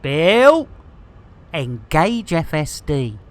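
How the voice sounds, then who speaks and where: A woman's voice: sits low, big pitch swings, drawn-out words. A woman hosting a live game stream, rambling in a jokey, self-mocking and theatrical way.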